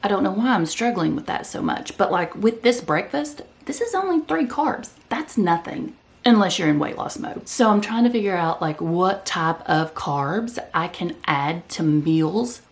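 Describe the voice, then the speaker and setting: Animated and lowish in pitch, a woman talks to her camera at a moderate pace. Her vlog is casual and meandering, and she sometimes speaks while chewing.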